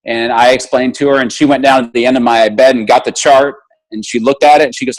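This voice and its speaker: Man, interview guest and motivational speaker, earnest storyteller, average pitch. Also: quick pace, few pauses, low-quality recording. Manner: earnest, animated retelling with restarts, acting out dialogue.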